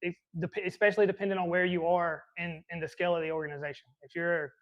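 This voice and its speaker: A man's voice: high-pitched, little pitch movement, fast, highs cut off. A man who is a fire captain, answering interview questions earnestly and reflectively, with many restarts. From American South.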